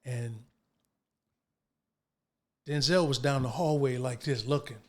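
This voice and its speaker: Taking his time in a medium-pitched voice, an older actor appearing as a guest spins stories during a casual interview. He performs the quoted dialogue of others with lively, slangy energy.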